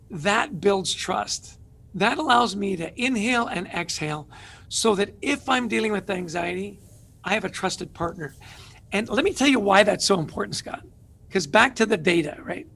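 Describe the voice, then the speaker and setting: A man's voice: sits high, lively intonation, normal speed, vocal fry, a bit bright. A middle-aged man, an author and guest, telling stories energetically in an interview with emphatic rhetorical questions.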